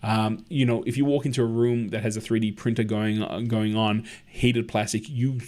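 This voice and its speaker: A man's voice: lowish voice, level tone, moderate pace, a little mellow. A man hosting a casual livestream, chatting in a friendly way, answering viewer comments and telling anecdotes. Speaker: livestream host.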